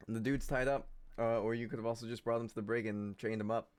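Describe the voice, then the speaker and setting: A man's voice: medium pitch, level tone, fast, smooth. Laid-back man running a tabletop game. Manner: casual, laughing, filler-heavy narration. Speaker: game master.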